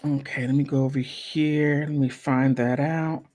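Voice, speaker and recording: A woman's voice: rumbling low, fairly even intonation, a little slow, mellow. A woman hosting her own channel, talking casually while she browses online, thinking aloud with many restarts. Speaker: channel host.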